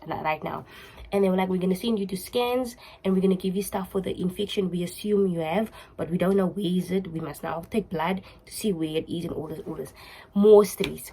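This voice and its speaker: A woman's voice: mid-range voice, a little fast, darkish tone, low-quality recording. A young woman with a South African accent telling a personal story in a casual, emotional way, slipping into Afrikaans words. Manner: emotional, repetitive, switches into Afrikaans. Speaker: vlogger.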